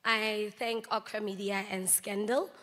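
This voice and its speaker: Bright-voiced South African woman, hall reverb. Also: medium pitch, steady tone, unhurried. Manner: anecdotal, mixes languages, laughs between stories. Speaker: actress giving a eulogy. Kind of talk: memorial eulogy speech. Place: large memorial hall.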